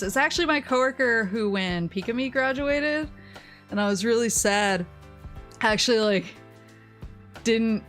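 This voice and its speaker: A woman vtuber chatting casually on stream, telling a long rambling story, laughing often and quoting people in lively voices. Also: mid-range voice.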